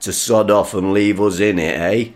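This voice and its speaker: A man's voice: lowish voice, steady tone, normal speed, lightly acted. An actor playing a grumpy, crude working-class father, sarcastic and swearing freely. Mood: ranting. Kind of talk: broadcast drama acting.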